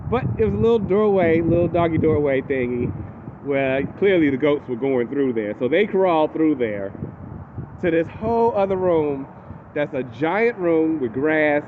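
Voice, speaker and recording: Male recapper, animated and chatty, slightly high voice, phone-like audio with faint hiss. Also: moderate pace. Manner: animated, acts out characters in quotes. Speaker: TV recap host. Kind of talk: casual episode recap.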